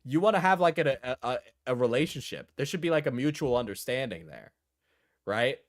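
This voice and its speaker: A man's voice: medium pitch, expressive, fairly quick, no echo, studio quality. A man streaming casually, reacting bluntly to a clip and lecturing his viewers with profanity and repetition.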